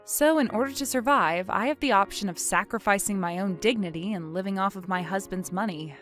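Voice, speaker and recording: A woman narrating a dramatic story, expressive and indignant. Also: medium pitch, brisk, soft background music.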